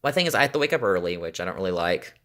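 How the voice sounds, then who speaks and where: Young adult male vlogger, lowish pitch, casual rambling delivery, lots of fillers, exasperated venting. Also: sing-song, rapid-fire, fairly bright tone. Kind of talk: casual chat.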